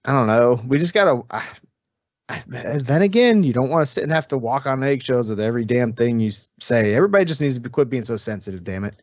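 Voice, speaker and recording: A man's voice: medium pitch, lively intonation, fast, dry recording, dull audio. A man co-hosting a casual podcast, rambling with lots of fillers and some swearing. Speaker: podcast co-host. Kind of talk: casual chat.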